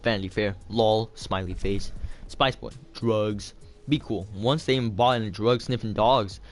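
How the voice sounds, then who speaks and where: A man's voice: fairly low pitch, measured pace, a little hiss or hum. Man casually reading a novel aloud. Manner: loose, chatty, stops to comment on the reading. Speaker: reader of a novel.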